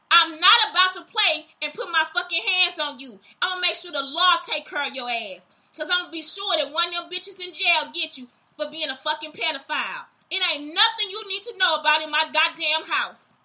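A young woman with a very high, sharp, tense voice runs her own show. She delivers a furious monologue laced with profanity and pointed accusations.

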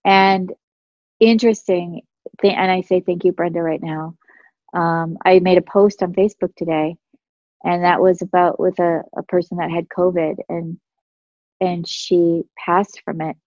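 A woman's voice: on the low side, fairly even intonation, measured pace, darkish tone, no echo, highs cut off. Chatty middle-aged woman telling stories. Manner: chatty, meandering, many fillers and restarts. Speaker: guest sharing spiritual experiences. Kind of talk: casual storytelling chat.

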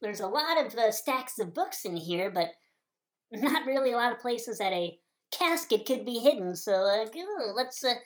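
Squeaky goofy lawyer, high swooping voice, babbling, music behind, done by a woman. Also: expressive, moderate pace, close to an everyday voice. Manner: squeaky, says goo.

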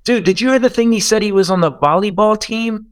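Brief: profane, animated American man riffing on politics, dry close-miked voice. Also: high-pitched, brisk, no echo. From United States. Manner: animated, profane, swings loud for emphasis. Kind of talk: casual political chat.

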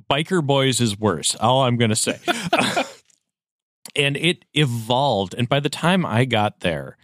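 A man's voice: medium pitch, no room sound, studio quality. A man co-hosting a casual podcast, telling a rambling anecdote with self-corrections. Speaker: podcast co-host. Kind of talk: casual chat, storytelling.

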